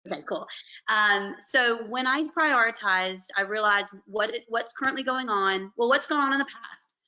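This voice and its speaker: A periodontist woman from Alabama, talking earnestly and warmly over a video call on a panel. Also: fairly high pitch, moderate pace, low-quality recording. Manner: earnest, effusive, says "y'all".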